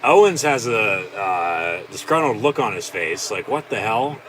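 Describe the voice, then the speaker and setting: A man's voice: fairly low pitch, big pitch swings, a little slow, a crowd in the background. Profane, exasperated man reacting live. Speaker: watch-along host.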